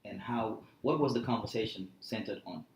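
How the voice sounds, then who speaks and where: A man hosting a podcast, asking calm, probing questions. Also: fairly low pitch, moderate pace. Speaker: podcast host. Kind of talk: interview questions. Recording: echoey room with faint background noise.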